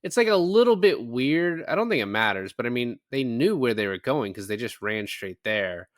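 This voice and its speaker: A man's voice: medium pitch, lively intonation, moderate pace, dry recording, clean studio sound. A man co-hosting a podcast, casually recapping a film, acting out quoted lines and swearing freely. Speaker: podcast co-host. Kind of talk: casual movie recap chat.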